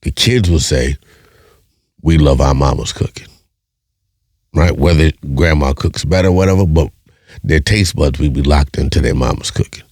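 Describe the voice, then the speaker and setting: Very deep, husky-voiced man ranting. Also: normal speed, a little mellow, no echo, studio quality. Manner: blunt, profane, preachy; rhetorical questions, repeats himself. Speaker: podcast host. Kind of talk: casual monologue.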